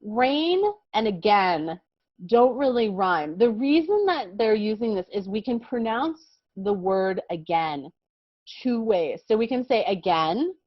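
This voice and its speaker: A woman's voice: medium pitch, lively intonation, slow pace, dry recording, lo-fi sound. An American woman teaching a kindergarten vocabulary lesson, explaining patiently and encouragingly and often checking that the children follow.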